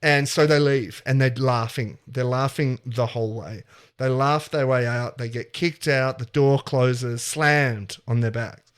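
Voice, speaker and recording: Guy on a comedy podcast riffing a dumb romance plot, lively, jumps into voices. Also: mid-range voice, a little slow, clean tone. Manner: animated, acts out characters' lines in quotes. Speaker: podcast co-host. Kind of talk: comedic improvised storytelling.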